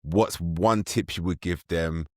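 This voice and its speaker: A man's voice: deep voice, takes it slowly, a little mellow, no room sound, studio quality. An English man hosting a podcast interview, chatty, informal and self-deprecating. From England. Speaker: podcast host.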